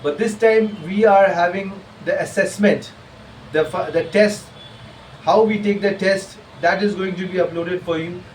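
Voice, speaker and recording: A man's voice: high-pitched, fairly even intonation, unhurried. A man who is a spoken English trainer, introducing a class video in an upbeat manner and addressing viewers directly. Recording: echoey room, far from mic, faint hiss.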